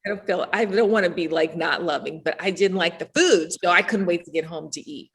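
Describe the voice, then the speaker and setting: A middle-aged woman, a podcast guest, telling stories in casual chat, animated and laughing often as she acts out what people said. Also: lowish voice, fairly quick, breathy edge.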